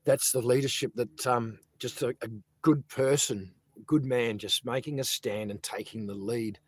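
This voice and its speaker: A man's voice: medium pitch, steady tone, a little slow, breathy edge, no echo, low-quality recording. Rambling Australian man live-streaming outdoors. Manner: rambling, repeats words, greets viewers by name. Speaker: live streamer and protest organiser. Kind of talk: casual live-stream chat. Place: outdoors on a sunny day.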